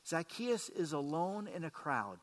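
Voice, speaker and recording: A male pastor gives a conversational sermon, often turning to the congregation with questions. He talks at a measured pace, his somewhat high voice swinging widely in pitch, and the audio has a long hall reverb.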